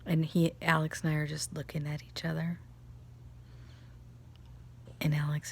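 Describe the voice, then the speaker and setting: A mother chatting casually about spiritual energy, telling family stories with animated laughter. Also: low voice, a little slow, gravelly, long pauses, a little hiss or hum. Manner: animated storytelling, laughs often. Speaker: vlogger, mother. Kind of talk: casual chat, spiritual reflection.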